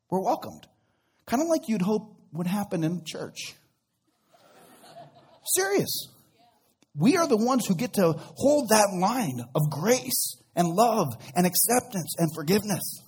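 A man's voice: sits high, a little mellow, slightly rough. A man preaching a sermon as pastor, retelling a Bible story conversationally with acted-out quotes and casual slang.

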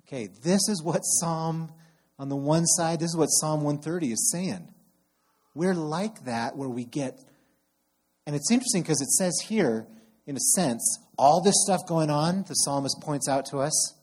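A middle-aged man preaching a sermon, telling animated personal stories and acting out his exasperated outbursts. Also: on the high side, normal speed, breathy edge. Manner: animated storyteller who acts out exasperated outbursts. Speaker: camp program director preaching.

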